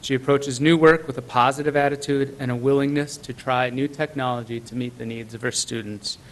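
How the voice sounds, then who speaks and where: A man's voice: medium pitch, steady tone, a little fast, fairly bright tone, rough recording. A man who coordinates technology for the schools, earnestly reading a tribute to teachers into the record with many small fillers. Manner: earnest, many ums and uhs.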